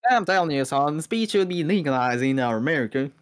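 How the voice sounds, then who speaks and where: Blunt heckling gamer man, lively. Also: on the high side, brisk, smooth, no echo, clean studio sound. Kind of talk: casual voice chat while gaming.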